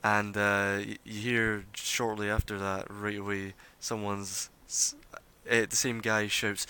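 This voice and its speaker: A man's voice: on the low side, flat delivery, slow, pushed and bright, smooth. A man narrating as game master of a tabletop game, rambling with many fillers.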